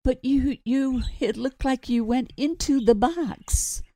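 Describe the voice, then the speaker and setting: A woman's voice: lowish voice, expressive, a little slow, mellow. A woman voicing a bewildered, anxious mother who insists on what she saw. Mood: insistent. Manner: puzzled, insistent.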